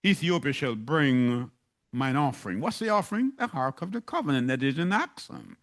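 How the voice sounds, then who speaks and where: A man's voice: medium pitch, lively intonation, moderate pace. A man preaching a sermon, reading scripture aloud and asking his listeners rhetorical questions.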